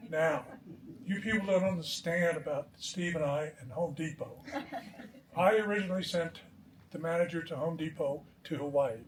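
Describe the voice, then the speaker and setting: A man with a fairly high voice tells laughing anecdotes at an outdoor memorial. He speaks into a mic from some distance, so the sound is roomy and echoing. A crowd murmurs behind him. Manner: chuckling anecdotal storytelling. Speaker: eulogy speaker. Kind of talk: joking memorial speech. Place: outdoor deck at a memorial gathering.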